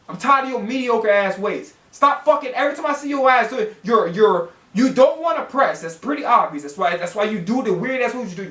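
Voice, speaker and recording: A man's voice: high voice, fairly bright tone. Heated sports-fan host, a man who rants and swears and keeps circling back to the same point, recorded in a roomy, echoey space. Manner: profane, ranting, repeats himself. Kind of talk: heated football reaction rant.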